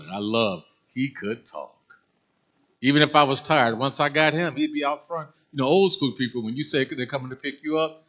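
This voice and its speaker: A man's voice: mid-range voice, sharp tone. A male Bible class teacher with a middle-range voice. He tells folksy stories and checks in with the class as he goes. The recording sounds dull and a bit lo-fi. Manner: folksy storytelling, asks the class questions. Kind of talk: Bible study lesson.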